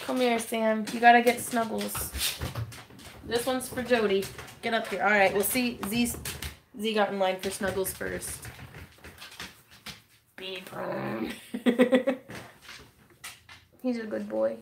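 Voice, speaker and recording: A woman's voice: a little high, fairly even intonation, takes it slowly, gravelly, pauses often, noisy background. A young woman hosting a casual craft livestream, reading viewer comments and chatting with giggles and fillers. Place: home craft room.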